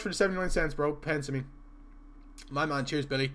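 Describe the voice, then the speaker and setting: A young man, his voice a touch on the high side, talks loosely through a live gaming stream. He jokes and reads out viewer messages as he goes. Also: brisk, fairly bright tone. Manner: chatty and joking, reading out viewer messages.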